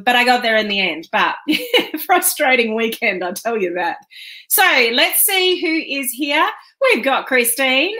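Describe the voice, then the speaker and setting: A woman's voice: fairly high pitch, sharp tone. A woman business coach hosting a casual live stream, talking in a chatty, rambling way with frequent ums.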